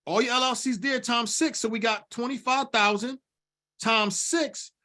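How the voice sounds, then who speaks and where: Brief: high-voiced male funding coach, preachy, repeats himself for emphasis. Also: fairly even intonation, moderate pace, pushed and bright. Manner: preachy, repeats lines for emphasis, addresses audience as y'all. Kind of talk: fired-up teaching at a whiteboard.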